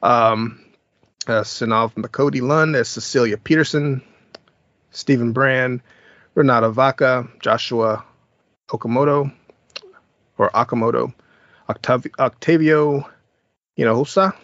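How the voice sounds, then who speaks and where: A man's voice: medium pitch, unhurried, fairly bright tone, no room sound, highs cut off. A man hosting a podcast, giving a laid-back, chuckling movie review and recapping the plot. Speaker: podcast host.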